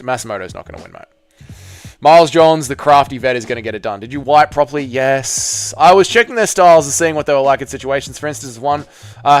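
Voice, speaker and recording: A man's voice: mid-range voice, smooth, no room sound. A man hosting a live fight watch-along stream, bantering with his chat in a casual, profane way.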